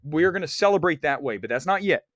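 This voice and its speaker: A man's voice: on the high side, expressive, fast, a bit bright, no room sound. A man hosting a live movie-talk stream, blunt and opinionated, rambling and restarting as he goes. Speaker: livestream host. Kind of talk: animated live-stream chat.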